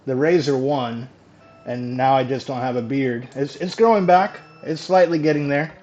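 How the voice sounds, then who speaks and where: Male game streamer, loose and chatty, mid-pitched voice, muffled home mic with faint music under it. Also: a little mellow. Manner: chatty, casual swearing, quick laughs. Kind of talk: casual live gameplay chat.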